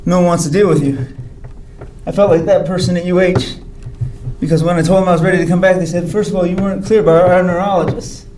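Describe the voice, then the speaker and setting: A man's voice: high voice, steady tone, fast, darkish tone, slight background noise. Wry man telling his story in an echoey hall. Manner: candid, wry storytelling with quoted dialogue. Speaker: physician speaker. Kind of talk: grand rounds talk. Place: hospital lecture hall.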